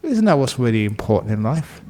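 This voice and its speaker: A man who is a Buddhist monk giving a relaxed, humorous dharma talk and telling a story, often laughing. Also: mid-range voice, fairly quick.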